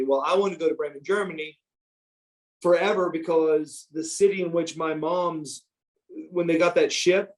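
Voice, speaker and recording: A man in his fifties from the United States, a former pro wrestler telling stories as a guest in a podcast interview, animated and profane with many restarts. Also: a little high, poor audio. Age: 50s.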